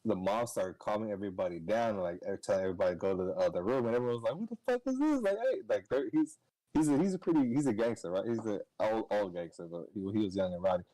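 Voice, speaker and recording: A young man on a podcast, casually telling a story, swearing and laughing, his voice jumping high when he gets excited. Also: quick pace, no room sound, rough recording. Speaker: podcast co-host.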